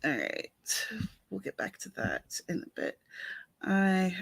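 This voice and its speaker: Her voice is on the low side, with vocal fry, slight roughness, and huge pitch swings, delivered slowly with no room sound. The author hosts a casual writing livestream through headphones with a mic, greeting viewers by name and grumbling about her watering eye.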